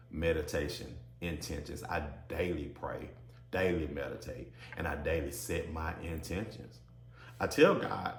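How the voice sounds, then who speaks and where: A very deep-voiced man delivers a motivational self-help talk, full of rising emphatic questions. He keeps addressing his listeners as y'all, like a preacher working a crowd. The sound is roomy and echoey. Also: fairly bright tone. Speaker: podcast host. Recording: echoey room.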